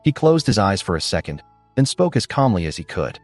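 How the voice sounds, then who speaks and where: Low-voiced man narrating a family drama story. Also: sing-song, brisk, soft background music. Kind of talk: scripted narration.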